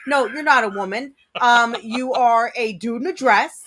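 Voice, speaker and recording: Woman with a somewhat high voice, blunt and profane, ranting on a casual stream. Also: normal speed, a bit bright. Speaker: livestream co-host. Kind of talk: casual livestream chat.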